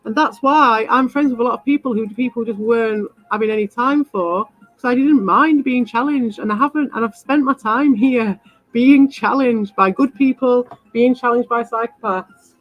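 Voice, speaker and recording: A woman's voice: fairly high pitch, moderate pace, no echo. A woman hosting a livestream, talking bluntly and rambling to her viewers with a lot of swearing and confrontation. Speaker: livestream host. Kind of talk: rambling live chat to viewers. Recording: dull lo-fi with faint music.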